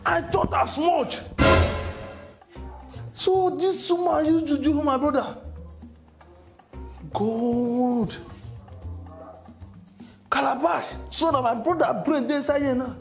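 Woman playing a scolding Nigerian husband, high lively voice, slow delivery, comedy skit, music underneath. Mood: exasperated. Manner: scolding, mixes Nigerian Pidgin. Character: exasperated husband David, scolding his wife.

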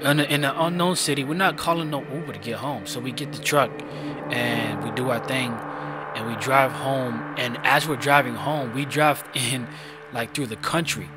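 A young man hosting a casual storytime, talking in slangy, animated bursts that jump loud when excited. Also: mid-range voice, normal speed. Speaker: storytime channel host. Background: background music.

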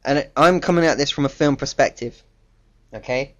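A man's voice: mid-range voice, brisk, fairly bright tone. A man giving a casual, ranting film review, blunt, profane and exasperated, on a dull lo-fi recording.

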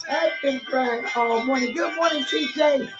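A woman bishop with a slightly high voice greets her online congregation one by one, exuberant, emotional and quick to laugh. She talks slowly and lingers on each name. The audio is dull and lo-fi, with clear music playing behind her. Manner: exuberant, calls out names, laughs often. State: teary and emotional.

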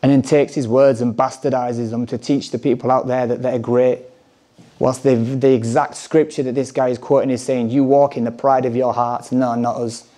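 A man gives a frank personal testimony to a conference audience. His voice is mellow and warm, set at a middle pitch. His delivery is conversational, with emphatic passages when he reads scripture aloud. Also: little pitch movement, normal speed. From England. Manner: candid, conversational, with bursts of emphatic scripture reading. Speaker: conference speaker.

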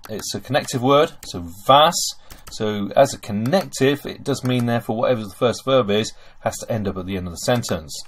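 A man teaching German grammar over a screen recording, chatty and full of okays and fillers. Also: mid-range voice.

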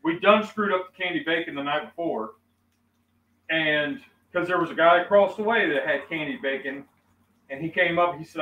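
A man's voice: a little high, moderate pace, phone-quality sound. A middle-aged man hosting a cooking chat, telling a story animatedly and acting out quoted exchanges. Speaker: host of a cooking channel. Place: outdoors at a cookout. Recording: echoey, distant mic, faint ambience.

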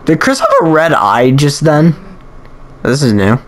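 A man's voice: a little high, lively intonation, unhurried. A man giving casual gameplay commentary, chatty and reactive, thinking aloud as he plays. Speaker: let's play host.

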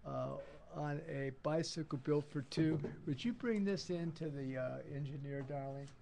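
A man's voice: a little high, animated, moderate pace, vocal fry, warm tone, slight background noise. An older man hosting a live radio talk show, playful and affectionate, calling people baby and darling. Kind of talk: casual live radio chat. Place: radio studio.

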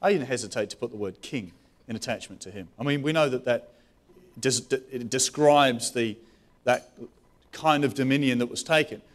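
A man preaching a sermon as pastor, animated, with restarts and rising questions. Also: medium pitch, moderate pace. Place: church.

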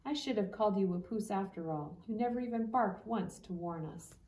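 A woman reading the lines of a calm, elderly grandmother in a storybook, in a plain grandmotherly voice. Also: mid-range voice, fairly quick, slight background noise, close to an everyday voice. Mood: scolding. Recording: echoey room, distant mic.

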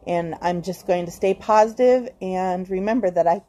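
A woman's voice: on the low side, normal speed, hardly any pauses, warm tone. A woman talking to camera in a personal confessional vlog, hesitant and earnest, with frequent ums and restarts as she encourages herself. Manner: hesitant, many ums and restarts, talks straight to the viewer. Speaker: vlogger.

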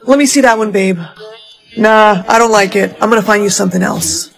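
Young woman in a skit, brisk and bossy, middle pitch. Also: vocal fry. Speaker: skit actor. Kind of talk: acted short-video skit.

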